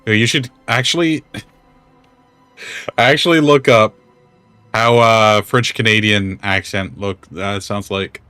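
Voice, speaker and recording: A man's voice: on the low side, fairly even intonation, slow, long pauses, pushed and bright, clear, resonant tone, dry recording. A man streaming a game and chatting casually with his viewers in a rambling way. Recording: dry close mic, faint music.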